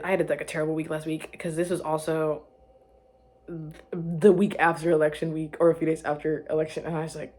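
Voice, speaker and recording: A woman's voice: sits low, level tone, brisk, darkish tone. Rambling, giggly young woman vlogging. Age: young adult. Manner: rambling, self-interrupting, giggly, drops to murmurs. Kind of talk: casual chat to camera.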